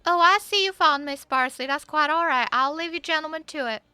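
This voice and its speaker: A woman voicing a polite young saloon barmaid in a wild west roleplay, sweet and courteous and quick to apologize. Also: high voice, bright, forceful tone, no room sound, faint music behind, pitched above the performer's own voice. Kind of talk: in-character roleplay.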